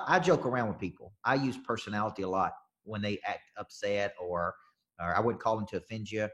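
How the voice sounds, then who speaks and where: A man's voice: on the low side, fast talker, fairly bright tone. Emphatic male sales coach. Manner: emphatic, repetitive, answers questions directly. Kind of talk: live webinar coaching.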